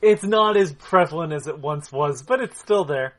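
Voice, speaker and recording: A man's voice: a little high, expressive, moderate pace. A man co-hosting a casual gaming podcast over a remote call, joking, swearing freely and laughing at his own remarks. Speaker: podcast co-host. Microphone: remote call mic.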